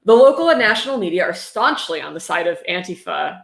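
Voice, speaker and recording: A woman's voice: medium pitch, animated, moderate pace, vocal fry, a bit bright. A woman on a livestream reading a book aloud and breaking in with sarcastic, mocking commentary. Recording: roomy echo.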